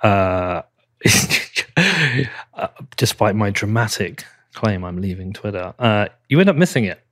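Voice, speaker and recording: After getting through the sponsor reads, this podcast host from Britain settles into a casual chat with his guest. His voice is on the low side, a bit bright, and measured, punctuated by frequent laughs and restarted sentences.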